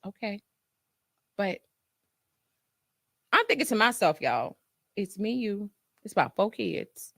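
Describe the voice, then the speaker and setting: Woman, nurse host, casual storytelling, calls listeners y'all, bright tone, dry sound. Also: mid-range voice, slow, pauses often, dry recording. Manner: lively, chatty, addresses listeners as y'all; acts out her own past reactions in quoted asides.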